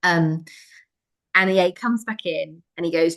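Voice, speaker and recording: A woman telling a personal story in conversation, frank and lively, with many fillers. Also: on the low side, unhurried. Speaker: interview guest.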